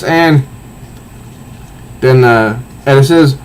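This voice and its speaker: Slow, halting man reviewing a comic. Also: medium pitch, rough recording. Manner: halting, repeats words while recounting panels. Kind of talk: casual comic book review.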